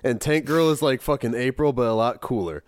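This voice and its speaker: A man's voice: mid-range voice, fairly quick. A young man co-hosting a casual podcast, with a laid-back drawling voice and a lingering cold cough. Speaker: podcast co-host.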